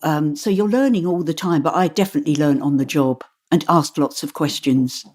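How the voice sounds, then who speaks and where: Woman narrator, low voice, lively anecdotal delivery, loose interview. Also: fairly quick. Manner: animated, stumbles and restarts while telling stories. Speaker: audiobook narrator. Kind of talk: interview answers.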